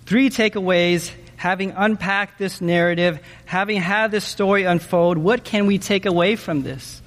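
Guy preaching, pretty high voice, keeps asking the room stuff, lots of echo. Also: moderate pace. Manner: animated, asks the audience questions, says "okay?" often. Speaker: pastor. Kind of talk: sermon.

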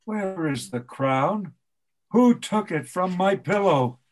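A man reading the part of an ailing, bitter old king, delivering verse in a measured, declamatory way. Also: high-pitched, lively intonation, full character voice. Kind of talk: play reading.

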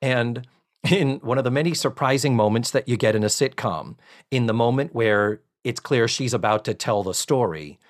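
A man's voice: mid-range voice, moderate pace. A man co-hosting a podcast, casually recapping a sitcom episode and acting out the characters' lines with sarcasm. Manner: animated storyteller, acts out quoted lines with sarcasm.

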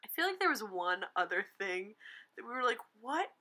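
A young woman in casual chat, co-hosting a movie review, giggly and animated, acting out little voices as she tells the story. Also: mid-range voice, a little fast. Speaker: podcast co-host reviewing a movie.

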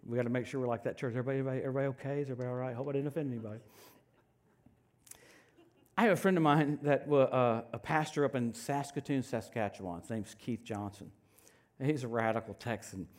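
A male pastor preaching a sermon in an animated, joking way, swinging from loud outbursts to soft asides. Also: medium pitch, fast.

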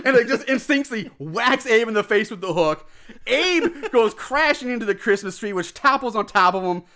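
A man casually recapping a film plot as a podcast host, animated, acting out shouted lines and laughing often. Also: high voice. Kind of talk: casual chat.

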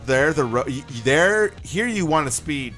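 A young man co-hosting a podcast, casually swearing as he tells animated stories. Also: a little high, moderate pace, faint music behind. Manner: animated storyteller, swears freely. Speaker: podcast co-host. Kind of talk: casual chat.

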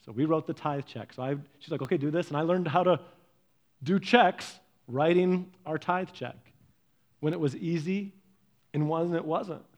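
A man in his thirties tells family stories in a relaxed talk. He brings his parents to life, voicing their lines with lively ups and downs. His voice sits a little on the higher side. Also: moderate pace. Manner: animated storytelling, acting out his parents' lines, often lively and raised. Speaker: speaker giving a faith and parenting talk. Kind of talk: storytelling talk.

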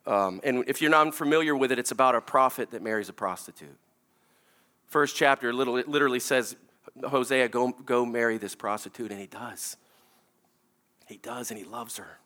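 Bright-voiced male pastor preaching passionately. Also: mid-range voice, moderate pace. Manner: swings from hushed tender quoting to rising urgent appeals; repeats words and restarts when pressing a point. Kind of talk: sermon.

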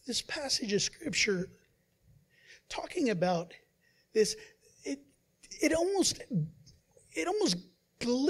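In this sermon, a man with a very high voice preaches as a pastor. He veers between loud emphasis and quiet asides and gives a performance of each voice he quotes.

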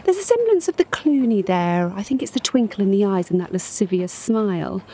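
An actress in an audio drama playing a lonely, obsessive middle-aged woman who fixates on a stranger, talking in a hushed, dreamy, intimate way and sometimes whispering. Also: mid-range voice, expressive, a little fast, slightly rough. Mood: dreamy, infatuated.

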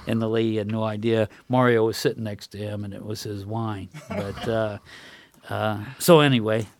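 A man's voice: lowish voice, fairly even intonation, normal speed. An older man, a guest on a casual talk show, telling racing anecdotes in a rambling way with chuckles. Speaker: guest, retired racing crew member. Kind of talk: casual storytelling.

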